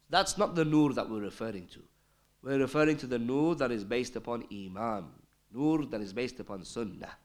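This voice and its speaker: A man's voice: medium pitch, fairly bright tone. A man giving a religious lecture with an emphatic, rising and falling delivery, quoting Arabic texts. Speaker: Islamic lecturer.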